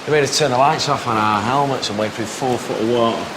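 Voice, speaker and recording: A man acting a guarded man with a dry wit in a TV drama, his voice mid-pitched. Heavy rain hisses behind him. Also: quick pace, close to an everyday voice. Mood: wary. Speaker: soap opera character.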